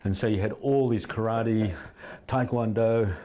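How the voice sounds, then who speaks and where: Middle-aged kiwi guy, warm low voice, rambling through stories in an interview, lots of restarts. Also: a little slow. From New Zealand. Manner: rambling anecdotes with many restarts. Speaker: fight trainer, interview guest. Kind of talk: casual interview storytelling.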